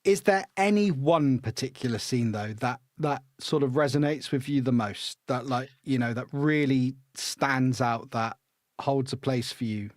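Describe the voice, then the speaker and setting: A man's voice: medium pitch, a little slow, no echo, studio quality. A man hosting a film podcast, chatting with enthusiasm and often stumbling over his restarts. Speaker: podcast host. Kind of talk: casual film-review chat.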